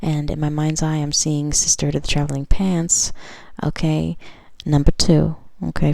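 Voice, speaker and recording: A woman's voice: sits low, little pitch movement, normal speed, vocal fry, darkish tone, no room sound, low-quality recording. A woman doing a casual pick-a-card tarot reading, reading card text aloud and chatting about it in a loose, filler-heavy way. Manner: chatty, lots of fillers, reads cards aloud then riffs.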